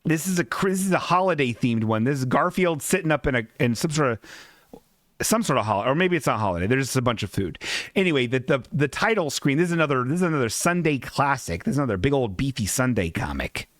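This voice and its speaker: A man's voice: medium pitch, lively intonation, fast talker, a bit bright, no echo, clean studio sound. A man hosting a comedy podcast, rambling, profane and laughing often as he describes comic strips. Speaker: podcast host.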